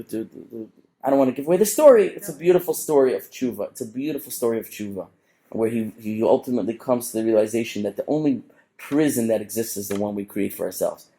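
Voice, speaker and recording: Man, rabbi, mellow warm tone, middle-aged, lively sermon storytelling, quick asides. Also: mid-range voice. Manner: animated storyteller with frequent restarts and asides. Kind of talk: storytelling sermon to a live audience.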